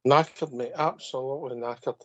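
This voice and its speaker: A man's voice: mid-range voice, steady tone, fairly quick. A Scottish man hosting a fan phone-in, talking bluntly in short punchy sentences with "mate" at every turn. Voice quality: gravelly. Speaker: host of a fan phone-in show. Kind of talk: casual chat. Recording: muffled lo-fi audio.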